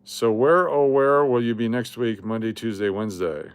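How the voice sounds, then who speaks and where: A man's voice: medium pitch, normal speed, clean tone, dry recording. A middle-aged man from Las Vegas hosting a casual coin live stream, chatting and reading viewer comments aloud. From Las Vegas, Nevada. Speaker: livestream host running coin giveaways.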